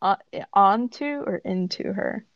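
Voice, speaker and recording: A woman's voice: mid-range voice, takes it slowly, no room sound, highs cut off. A woman podcast co-host reading an old roleplay story aloud, giggly and full of fillers.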